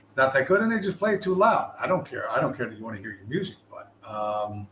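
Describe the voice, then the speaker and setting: Speaking quickly with lively intonation, an East Coast American man hosts a casual livestream in a fairly bright, mid-range voice. His storytelling is rambling and profane, and he frequently loses the thread; the room sounds roomy, with faint ambience and slight background noise.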